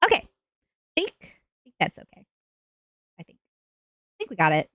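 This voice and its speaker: A woman's voice: mid-range voice, huge pitch swings, measured pace, fairly bright tone, no room sound, clean studio sound. A young woman streamer chatting casually, dramatic and prone to repeating herself and groaning.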